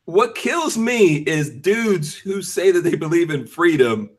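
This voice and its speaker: A man hosting a casual podcast teases his guest and laughs a lot. His pitch swings widely as he talks, in a lively, animated way. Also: measured pace. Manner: laughing, teasing. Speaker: podcast host.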